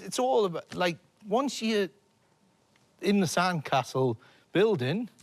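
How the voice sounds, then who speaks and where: High-voiced rambling comic storyteller man. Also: takes it slowly. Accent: English. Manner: rambling, animated, laughing through his words. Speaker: panellist. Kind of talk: comic storytelling on a panel show. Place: TV studio with audience.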